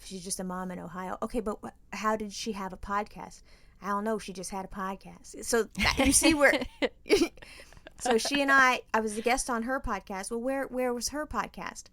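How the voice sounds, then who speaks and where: A podcast co-host tells a story in a casual chat, her mid-range voice moving at a moderate pace. She's an animated storyteller who acts out the voices of the people she quotes.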